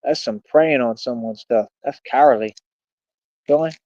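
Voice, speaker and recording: A man's voice: mid-range voice, normal speed, warm tone, no room sound, lo-fi sound. A man hosting a livestream, combatively mocking and taunting a rival in a heated rant. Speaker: livestream host.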